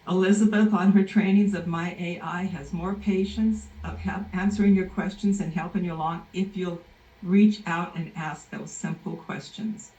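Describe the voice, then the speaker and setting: A woman's voice: on the low side, fairly even intonation, moderate pace, dark tone. A middle-aged woman giving a heartfelt, effusive testimonial, speaking from the heart and getting emotional. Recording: echoey, distant, dull sound.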